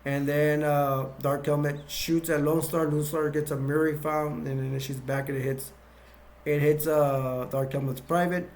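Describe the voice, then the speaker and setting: A man's voice: a little high, level tone, measured pace, a little mellow, a little hiss or hum. A man casually retelling movie scenes scene by scene, rambling and restarting as he goes. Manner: rambling, full of fillers and restarts. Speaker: movie reviewer.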